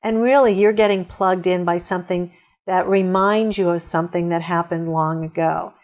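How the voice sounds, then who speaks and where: A woman's voice: fairly low pitch, fairly even intonation, moderate pace, darkish tone. A middle-aged woman answering interview questions with upbeat, storytelling advice. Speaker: guest author.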